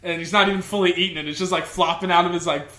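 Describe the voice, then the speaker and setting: A man's voice: high-pitched, steady tone, racing, sharp tone. Chatty young-sounding man in an echoey room. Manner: rambling, many restarts and fillers, laughs easily. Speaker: podcast co-host. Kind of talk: casual chat.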